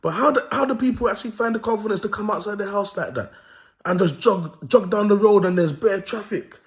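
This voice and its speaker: A high-pitched, brisk young man from London hosts his own video. He rants for comic effect, curses freely, and keeps laughing at his own jokes.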